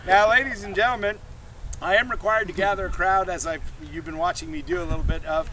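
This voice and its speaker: Loud bantering comic man in his fifties. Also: high voice, steady tone, fast, rough recording. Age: 50s. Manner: loud bantering, chuckles at his own jokes. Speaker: street comedy performer. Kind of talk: live crowd-work comedy show. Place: outdoors at a busy renaissance fair. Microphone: handheld camera in the audience. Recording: loud outdoor crowd on a windy day. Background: crowd.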